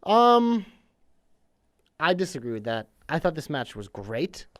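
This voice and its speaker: Young guy on a podcast, fairly high voice, rambly casual chat full of "like". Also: sing-song, measured pace, fairly bright tone. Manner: chatty, says "literally" and "like" a lot. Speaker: podcast co-host.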